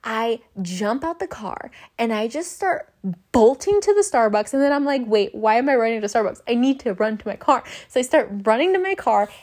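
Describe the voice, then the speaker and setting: Young woman rambling through an embarrassing story, kinda high voice, lots of swearing and acted-out panic. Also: moderate pace. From Southern California. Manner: animated, swearing, reenacts her own panic in quotes. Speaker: podcast host. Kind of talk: casual storytelling.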